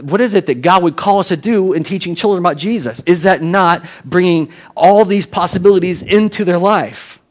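A man's voice: high-pitched, normal speed, few pauses. A man preaching a sermon in a loose, conversational way, often restarting his sentences. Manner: conversational, with frequent restarts and asides. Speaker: pastor.

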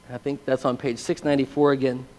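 A man's voice: medium pitch, little pitch movement, quick pace, darkish tone. Earnest male pastor in a reverberant church. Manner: earnest, conversational, often asks listeners "right?". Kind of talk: sermon with personal testimony.

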